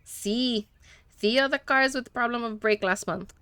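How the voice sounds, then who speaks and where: A woman's voice: a little high, pushed and bright, clean tone, no echo, pitched above the performer's own voice. Woman doing a jittery mechanic with a mock Spanish accent. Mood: evasive. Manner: broken English, quick denials. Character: nervous male small-town mechanic.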